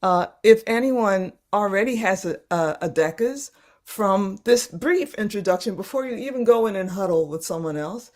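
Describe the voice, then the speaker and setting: A woman leading a live online workshop over a video call, speaking gently and haltingly, repeating words as she searches for them. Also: mid-range voice, expressive. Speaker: workshop facilitator.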